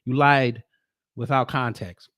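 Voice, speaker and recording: A man hosting casual reaction commentary who talks to viewers directly, swinging between loud emphasis and muttered asides. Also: medium pitch, steady tone, slow, no echo, clean studio sound. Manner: addresses viewers directly as folks. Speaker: commentary host.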